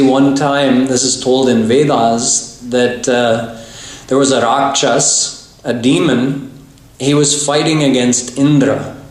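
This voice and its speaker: A man giving a religious lecture as a spiritual teacher, explaining patiently and telling stories, often restarting his sentences. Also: mid-range voice. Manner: explanatory, storytelling, with many restarts. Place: temple hall. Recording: very echoey temple hall.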